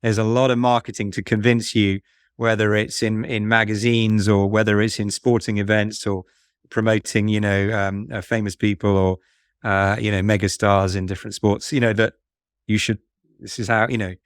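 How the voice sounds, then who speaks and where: A man being interviewed about investing, speaking in a musing, halting way with many restarts. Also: on the low side, level tone, clear, resonant tone, dry recording, studio quality. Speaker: fund manager guest. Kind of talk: conversational podcast interview.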